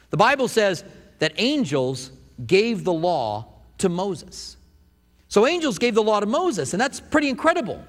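A man preaching a sermon, telling stories and acting out quotes in an animated way. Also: high voice, long reverb tail. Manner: animated storytelling with acted-out quotes. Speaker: pastor.

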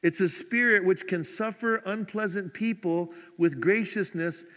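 A man's voice: sits high, fairly bright tone. Self-mocking man preaching in a reverberant hall. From United States. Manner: conversational, self-mocking, acts out his own irritation in quick asides. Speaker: pastor. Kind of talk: sermon.

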